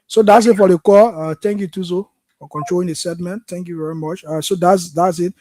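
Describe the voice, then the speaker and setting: A man's voice: high voice, fairly even intonation, a little fast, mellow, no echo. A man with a Liberian accent hosting a political call-in show, talking in an impassioned, frustrated way. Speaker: radio call-in host. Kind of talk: political talk show commentary.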